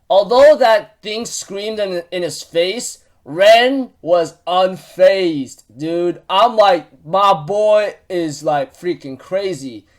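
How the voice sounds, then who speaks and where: A man giving a casual, rambling episode recap as host of his channel, full of fillers and restarts with bursts of enthusiasm. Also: sits high.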